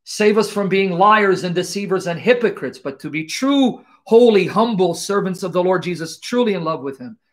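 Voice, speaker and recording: A man with a fairly high voice prays aloud with fervent, repetitive invocations. He speaks into a computer mic on an online stream. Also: lively intonation, moderate pace, few pauses. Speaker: Christian apologist host. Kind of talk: spoken prayer.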